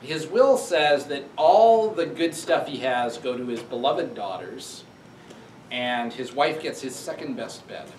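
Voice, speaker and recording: A man's voice: medium pitch, expressive, a little slow, noisy background. Man lecturing in an echoey hall. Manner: conversational, thinks aloud, laughs, reads quotes with emphasis. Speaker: professor giving a public lecture. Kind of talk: university lecture. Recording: echoey hall recorded from far off.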